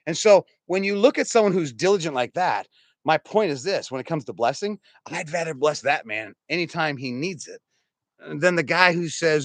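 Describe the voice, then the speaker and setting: A pastor around fifty preaching a sermon, telling stories in an animated, conversational way and chuckling as he goes. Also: fairly high pitch, moderate pace, no echo. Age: about 50. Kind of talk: storytelling sermon.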